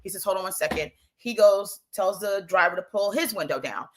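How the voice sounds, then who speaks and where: A young woman telling a story in a casual monologue, animated and emphatic, often restarting her sentences. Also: medium pitch, brisk, slight background noise.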